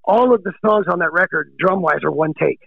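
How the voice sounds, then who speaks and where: A middle-aged American rock drummer being interviewed, excitable, laughing often and calling people dude. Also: male voice, high-pitched, fairly quick, creaky, no room sound, narrow, tinny audio. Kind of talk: casual interview chat.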